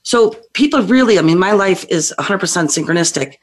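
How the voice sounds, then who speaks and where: A woman guest on a call-in show, a psychic medium telling stories in a lively, feisty way. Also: lowish voice, fairly quick. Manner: lively, feisty, acts out voices in her stories. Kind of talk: animated storytelling on a call-in show.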